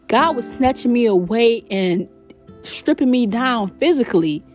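A woman hosting a podcast, telling her spiritual testimony in an emotional, expressive way. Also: a little high, unhurried, soft background music. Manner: emotional, expressive, faith-filled storytelling. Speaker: podcast host.

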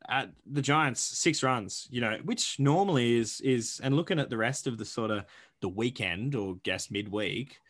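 A young man, talking at an ordinary pitch. He co-hosts a sports podcast in a loose, joking way, piling up "like" and "you know" as he rattles through scores and stats. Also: moderate pace. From Australia. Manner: animated, joking, rattles off stats with lots of fillers. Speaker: podcast co-host. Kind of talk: casual sports podcast chat.

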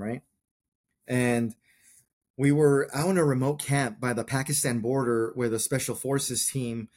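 A man's voice: medium pitch, darkish tone. A man in his forties, a combat veteran and podcast guest, telling his story in an earnest, reflective way in short plain clauses. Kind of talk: personal storytelling in a conversation.

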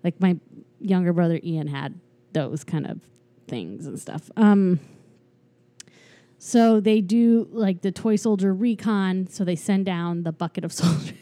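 A woman's voice: lowish voice, unhurried, warm tone. A woman in casual conversation, rambling through a movie recap with lots of fillers and frequent laughter. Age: adult parent. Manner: chatty, rambling, laughs often, many fillers. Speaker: podcast co-host.

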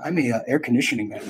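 A man's voice: on the high side, a bit bright, slight background noise, rough recording. A man hosting a podcast, telling a rambling, self-interrupting personal story in a casual way and acting out bits of dialogue. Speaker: podcast host.

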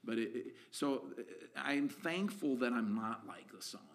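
A man co-hosting a faith discussion, speaking in an earnest, measured and reflective way. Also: medium pitch, lively intonation. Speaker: co-host.

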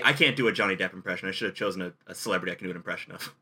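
A man's voice: low voice, racing, bright, forceful tone, slightly rough. Joking man host on a video call. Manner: joking, playful, self-mocking. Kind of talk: casual video chat. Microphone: webcam on a video call.

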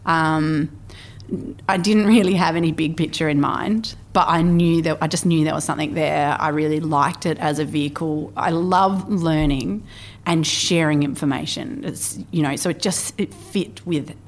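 In a casual conversational interview, a deep-voiced Australian woman speaks at normal speed. As a podcast guest discussing her work, she tells animated, chatty stories packed with fillers.

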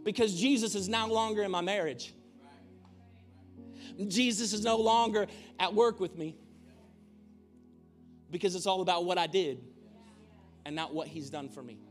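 A man's voice: sits high, moderate pace, pauses often, soft background music. A male pastor preaching a sermon in a church, conversational, with humorous asides. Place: church auditorium.

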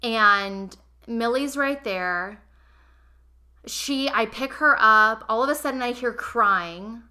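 Casual podcast host, young woman, animated and emotional, talks straight to her audience with a bright edge. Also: on the high side, slow pace. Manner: animated, emotional, addresses listeners directly. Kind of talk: casual confessional storytelling.

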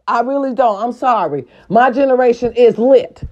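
A woman's voice: normal speed, darkish tone. Brash, profane woman ranting to viewers. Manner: brash, profane, scolding, swings up high for emphasis. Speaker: host of a talk segment. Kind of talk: loud casual monologue to viewers. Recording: slightly dull lo-fi sound.

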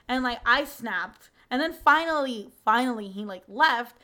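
A young woman hosting a casual podcast talks through a story with a lot of energy. Her voice is bright and sits slightly high. She leans on fillers and drops swear words freely. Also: expressive, a little slow. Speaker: podcast host.

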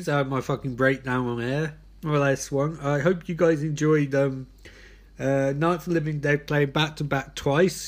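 A man hosting a podcast as a comic monologue. He is exhausted and swings between frantic swearing rants and tired mumbling. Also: fairly high pitch. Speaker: podcast host.

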